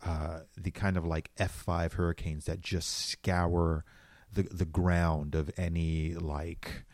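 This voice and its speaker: Male co-host, low voice, thoughtful and sincere, dry close mic. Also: flat delivery, takes it slowly, darkish tone, dry recording. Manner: earnest and reflective, often laughing. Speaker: podcast co-host. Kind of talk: casual chat.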